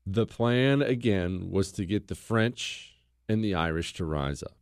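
A man's voice: low voice, a little slow, no room sound, clean studio sound. A man hosting a talk show, giving an emphatic, blunt history monologue and repeating phrases for stress.

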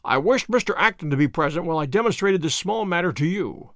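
Brief: cool, crisp storybook detective, curt and in command, a man reading him. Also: high voice, animated, fast, a bit bright, no echo, clean studio sound.

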